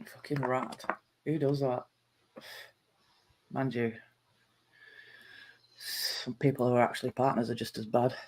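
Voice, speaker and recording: A woman's voice: extremely low pitch, fairly even intonation, measured pace, pauses often, darkish tone. A woman co-hosting a live stream, chatting casually, teasing, laughing often and swearing.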